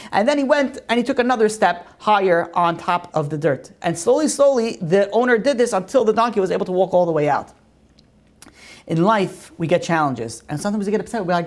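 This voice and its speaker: A woman teaching a religious class and telling stories in a conversational way. Her pitch rises on emphatic questions. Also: a little fast, a little mellow.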